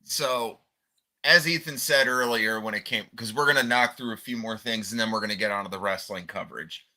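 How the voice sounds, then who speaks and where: A man's voice: fairly low pitch, fairly quick, bright, forceful tone. A man from Michigan co-hosting a wrestling podcast, chatting casually and bluntly while promoting the channel. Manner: plugs the channel, blunt and cussing. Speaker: podcast co-host.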